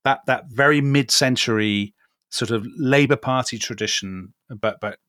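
A man's voice: medium pitch, a little slow, a bit bright, dry recording, clean studio sound. A man co-hosting a casual history podcast, chatty and hesitant, with wry asides. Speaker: podcast co-host.

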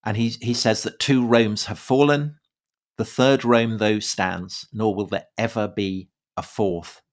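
A man co-hosting a podcast in a casual conversational style, halting often with fillers and repeated words. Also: lowish voice, fairly even intonation. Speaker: podcast co-host. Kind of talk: casual conversational history chat.

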